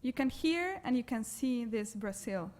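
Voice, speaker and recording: A woman with a foreign accent, reading an academic presentation at a symposium in a measured, deliberate way. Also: fairly high pitch, animated, a little mellow. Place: lecture hall.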